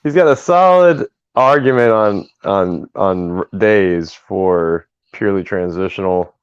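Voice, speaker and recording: A man in a casual panel chat, measured and focused on stats, on a slightly dull lo-fi mic. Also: low-pitched, smooth, no echo.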